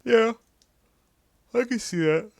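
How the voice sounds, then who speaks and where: A man's voice: extremely high pitch, takes it slowly, gravelly, dry recording. A man co-hosting a casual wrestling podcast, tired and cursing as he rants. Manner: profane ranting, swings from mumbling to shouting. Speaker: podcast co-host.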